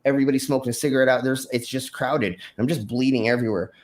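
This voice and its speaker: A man's voice: mid-range voice, steady tone, quick pace, slight background noise. A man hosting a stream, telling a wild story from his past in a rambling, profane way with many fillers and restarts. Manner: acts out his own shouted lines in the story. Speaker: stream host. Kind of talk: casual storytelling.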